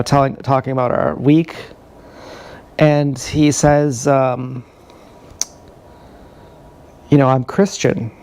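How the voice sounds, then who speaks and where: A man's voice: medium pitch, a little mellow, clean tone. A man in his thirties telling a rambling, profane, confessional story in a casual livestream monologue. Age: 30s. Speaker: streamer. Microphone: action camera.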